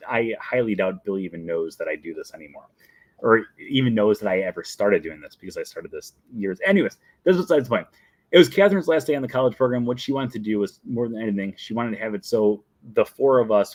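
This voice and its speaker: Young male host, chatty and rambling, with a lively voice and a dry, close sound. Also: fairly low pitch, dry recording. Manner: chatty, rambling, laughs often. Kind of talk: casual chat answering viewer questions.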